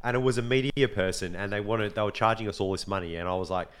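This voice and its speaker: Australian male co-host, animated storyteller, casual and profane. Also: on the low side, quick pace, clean tone. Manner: animated storyteller, swears freely. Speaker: podcast co-host. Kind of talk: casual chat.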